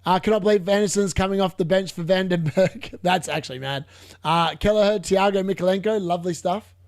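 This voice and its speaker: A young man commentating live on football matches for a fantasy football stream, chatting along and bursting into shouts at near misses. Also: sits high, brisk. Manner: chatty, muttering asides between reactions.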